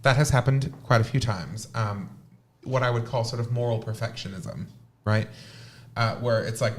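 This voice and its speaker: A man with an ordinary mid-range voice works through a personal answer on a panel show. He talks candidly and thoughtfully. He often pauses on fillers and restarts his sentences. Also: mid-range voice. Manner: thoughtful, candid, with frequent fillers and self-corrections. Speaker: co-host and high priest.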